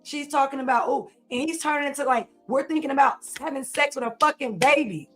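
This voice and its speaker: A woman's voice: high voice, fairly quick, fairly bright tone, faint music behind. A woman, the host's partner, talking bluntly and indignantly in casual chat.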